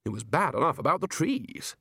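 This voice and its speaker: A man's voice: a little high, sing-song, brisk, gravelly, pushed and bright, husky, no echo, clean studio sound, exaggerated voice. A man voicing a blustering, bossy male wizard chief who fires off hectoring questions.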